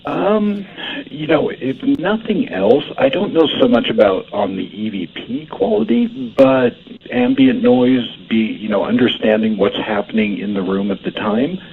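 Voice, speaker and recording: A man calling in as a paranormal investigator, explaining things in a measured way during a casual on-air conversation. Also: medium pitch, very animated, creaky. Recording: tinny phone line with faint hiss.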